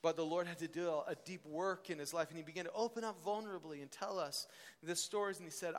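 A young man teaching at a ministry school, telling stories in an animated preaching style. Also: fairly high pitch, quick pace. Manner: animated storytelling, voice rising and falling with emotion. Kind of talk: sermon. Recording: long hall reverb.

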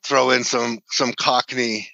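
A man's voice: medium pitch, level tone, slow, gravelly, bright, forceful tone, dry recording, lo-fi sound. A man co-hosting a podcast in casual chat, jokey and self-deprecating. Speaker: podcast co-host.

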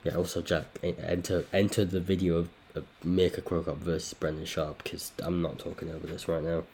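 Low, dark-voiced sweary man. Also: little pitch movement, fairly quick, creaky, slight background noise. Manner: sweary, loudly incredulous outbursts. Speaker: podcast host ranking fighters. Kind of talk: casual podcast chat.

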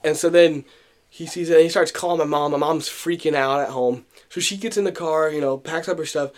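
A young man co-hosting a podcast tells a story in casual chat, acting out what people said, with lots of fillers and restarts. His voice is fairly high-pitched and brisk, with fairly even intonation.

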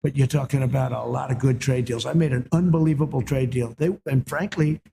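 Older guy in a tv interview, gravelly dark voice, bragging and repeating himself. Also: medium pitch, fairly even intonation, a little fast, a little hiss or hum. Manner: boastful, repetitive, emphatic. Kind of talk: TV interview answers.

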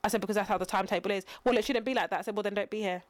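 A woman, a teacher co-hosting a podcast, telling animated stories and quoting people with sharp emphasis. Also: medium pitch, rapid-fire, no room sound. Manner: animated storytelling, quotes people in emphatic raised tones. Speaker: podcast co-host. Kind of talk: casual chat.

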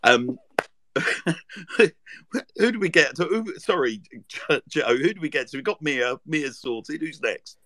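A man's voice: a little high, expressive, slow pace, pushed and bright, dry recording. Teasing man hosting a podcast. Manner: jokey, teasing, lots of fillers. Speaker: podcast host. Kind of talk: casual chat.

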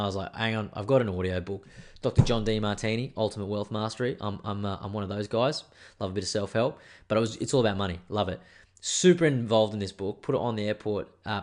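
A man with an Australian accent telling a rambling, profane, self-mocking story in a casual monologue. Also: lowish voice.

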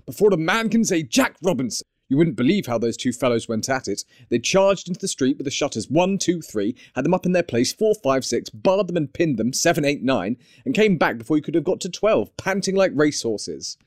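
A man narrating an audiobook in an animated, expressive storytelling manner. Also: on the high side, a little fast, hardly any pauses, no echo, studio quality. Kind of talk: scripted narration.

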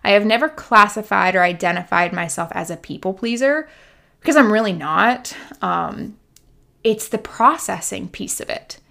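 A woman's voice: medium pitch, lively intonation, moderate pace, vocal fry, sharp tone. A young woman who works as a life coach talks straight to her listeners about something that happened to her. Her delivery is candid and chatty, packed with "like" and "literally", and she lets out a laugh here and there as the story goes on. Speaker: life coach and podcast host. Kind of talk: casual storytelling monologue.

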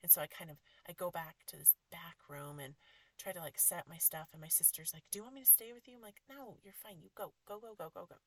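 A woman's voice: fairly low pitch, quick pace, dry recording, recorded from a distance. A woman hosting a podcast, telling a personal story with emotion, full of fillers and often dropping to a whisper. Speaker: podcast host.

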